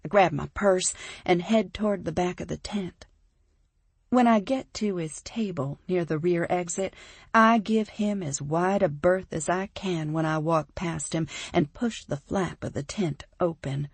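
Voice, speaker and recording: A woman narrating a first-person romance audiobook, expressive and emphatic in the heroine's lines. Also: fairly low pitch, unhurried, gravelly, breathy edge, no echo.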